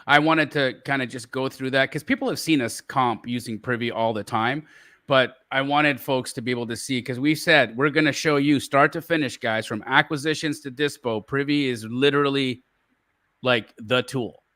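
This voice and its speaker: A man's voice: medium pitch, fairly even intonation, moderate pace, pushed and bright. A man hosting a real-estate masterclass, joking with the caller and hyping the audience. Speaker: host. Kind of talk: teaching session banter.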